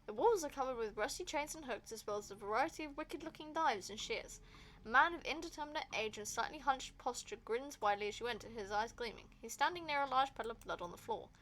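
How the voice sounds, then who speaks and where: A woman's voice: fairly high pitch, expressive, quick pace, fairly bright tone, a little hiss or hum. A woman streamer playfully reading a text adventure aloud and reacting to it.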